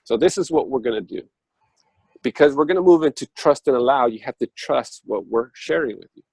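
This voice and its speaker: A man tells a spiritual story in a loose, conversational way, full of fillers and restarts. His pitch sits mid-range but leaps up when he grows heated. The sound is dry and close. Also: fairly quick, vocal fry, slightly rough, no echo, rough recording. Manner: animated storytelling with sudden jumps up in pitch. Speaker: speaker on a spiritual talk show. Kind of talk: casual spiritual talk.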